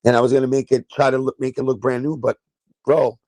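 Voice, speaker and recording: A middle-aged man with a New York accent, hosting a casual sneaker livestream with excitable, profane banter. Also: medium pitch, fairly quick, no echo, poor audio.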